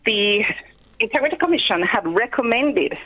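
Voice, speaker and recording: A Jamaican woman, a guest commentator in a phone-in news interview, explaining things step by step with pauses. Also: on the high side, animated, dull audio.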